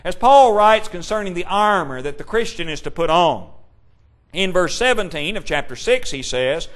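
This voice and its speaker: A man preaching a sermon, reading scripture aloud and pressing his points with slow, deliberate emphasis. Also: high-pitched, animated, a bit bright. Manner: reads scripture aloud in King James wording.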